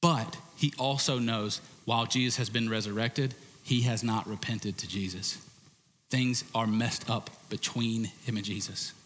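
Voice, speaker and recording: A male preacher giving an animated, conversational sermon with frequent restarts. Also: on the low side, measured pace, a little hiss or hum. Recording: reverberant hall.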